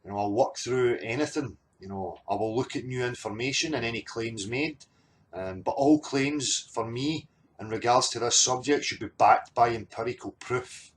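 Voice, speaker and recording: A man's voice: mid-range voice, expressive, normal speed, a little hiss or hum. A man, hosting a monologue and arguing his point emphatically, with many fillers and repeated words. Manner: argumentative, repetitive fillers, emphatic. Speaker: channel host. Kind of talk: monologue reacting to clips.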